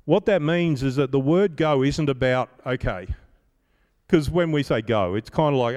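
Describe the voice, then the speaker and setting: A man's voice: mid-range voice, animated, moderate pace, a little mellow, long reverb tail. A man giving a conversational sermon as pastor, telling stories with self-deprecating humor.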